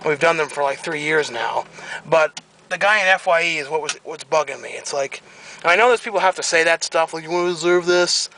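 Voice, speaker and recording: A young man vlogging, chatting casually and ranting with animated, rambling complaints. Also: fairly high pitch, a little fast, slight background noise, poor audio. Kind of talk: casual chat.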